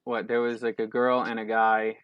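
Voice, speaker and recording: Telling stories in a casual podcast chat, this co-host acts out people's words with animation. His smooth voice is lowish and his pace moderate. There's no echo, but the audio sounds dull.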